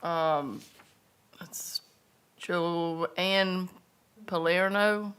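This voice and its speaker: High, crisp-voiced man chairing a meeting. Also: steady tone, drawn-out words, a bit bright. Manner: informal, apologetic about names.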